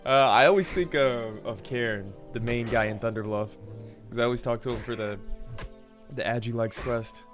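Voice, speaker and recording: A man's voice: mid-range voice, moderate pace. Laid-back male game streamer. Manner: relaxed, laughs often, says "dude" and "man". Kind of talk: casual live-stream chat. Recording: game music underneath. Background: game music.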